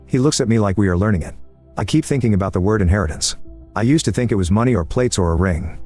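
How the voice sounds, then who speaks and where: Male narrator, steady scripted reading, brisk delivery, slightly low register. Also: slightly rough. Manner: even, measured reading with dry similes. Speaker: story narrator. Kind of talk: scripted first-person story narration. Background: faint background music.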